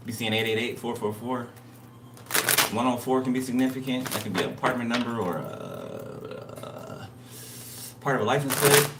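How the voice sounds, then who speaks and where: A man's voice: mid-range voice, sing-song, moderate pace, gravelly, echoey room, distant mic, heavy background noise. A man giving a casual spiritual reading. He talks bluntly and emphatically, repeats himself, and swears freely. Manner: blunt, repetitive, profane. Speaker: tarot reader.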